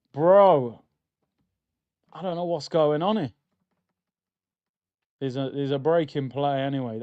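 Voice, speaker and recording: A man's voice: on the high side, darkish tone, lo-fi sound. A young man hosting a live football watchalong, talking in slangy, exasperated banter about the match.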